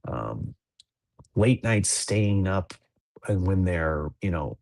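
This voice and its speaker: Deep-voiced guy rambling on a podcast, laid back, dry close sound. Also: sing-song, slow, creaky, darkish tone, no echo. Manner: rambling, laid-back, many fillers and restarts. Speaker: podcast co-host. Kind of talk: casual chat.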